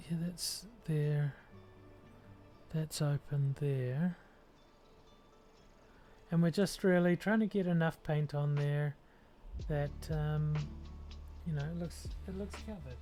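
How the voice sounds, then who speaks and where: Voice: medium pitch, takes it slowly, pauses often, dark tone, soft background music. A streamer with a New Zealand accent, chatting casually and thinking aloud with lots of ums while painting miniatures. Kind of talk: casual livestream chat while working.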